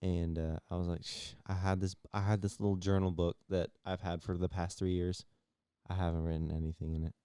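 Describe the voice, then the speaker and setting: A young man with a low voice and a smooth, clear tone chats casually as a podcast co-host. He sounds laid-back and hyped at once. The recording is dry and close. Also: little pitch movement, a little fast, mellow, no room sound. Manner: laid-back, says "bro" a lot, hyped. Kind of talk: casual chat.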